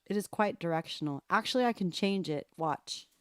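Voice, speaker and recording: A woman's voice: on the low side, animated, a little fast, smooth. A woman hosting a live piano request stream, chatting playfully with her viewers from a room at home and laughing at herself. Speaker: livestream piano host. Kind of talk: casual chat with livestream viewers. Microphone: studio microphone at varying distance.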